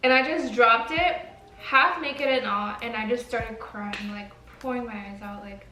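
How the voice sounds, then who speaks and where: Bright, chatty woman telling a story. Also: a little high, a little slow, recorded from a distance, a little hiss or hum. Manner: chatty, filler-heavy, frank with mild swearing. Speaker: vlogger. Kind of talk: casual storytime. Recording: echoey room, away from the mic, faint music.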